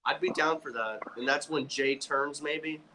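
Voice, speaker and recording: A man's voice: a little high, moderate pace, bright, forceful tone, a little hiss or hum, rough recording. A man co-hosting a wrestling podcast, chatting casually and often calling his co-host bro or man. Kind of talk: casual chat about wrestling.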